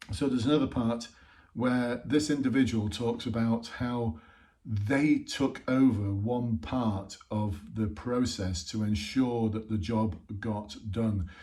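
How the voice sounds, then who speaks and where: Direct man coaching, dark mellow voice. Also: mid-range voice. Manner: direct, emphatic, asks rhetorical questions. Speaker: police interview coach. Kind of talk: instructional talk.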